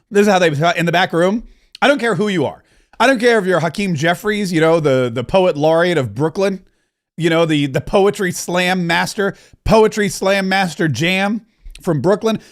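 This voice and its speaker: A man hosting a political talk show, delivering animated, mocking opinion rants that race ahead and restart. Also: high-pitched.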